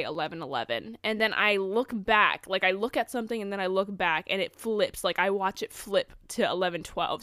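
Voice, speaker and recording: Young woman vlogging a storytime, lots of "like", smooth voice, dry close mic. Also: medium pitch, no room sound. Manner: chatty, animated, full of "like" and quoted dialogue. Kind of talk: casual storytime chat.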